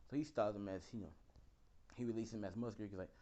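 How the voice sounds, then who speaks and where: A man's voice: fairly low pitch, fairly even intonation, fast talker, warm tone, low-quality recording. A young man casually improvising a fan story, rambling with lots of fillers and the odd swear.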